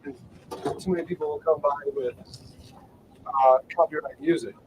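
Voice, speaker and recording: Man, fairly high voice, jokey casual chat, faint noise in background. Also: steady tone, moderate pace. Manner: joking, laughs easily. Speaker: co-host.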